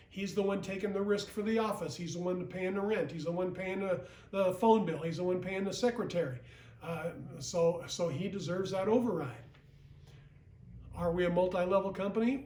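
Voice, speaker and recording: In an echoey room with the mic set at a distance, a man with a high, slightly mellow voice gives a recorded sales training talk at a moderate pace. He is a regional vice president, and he speaks plainly, repeats his points, and often checks in with "okay?"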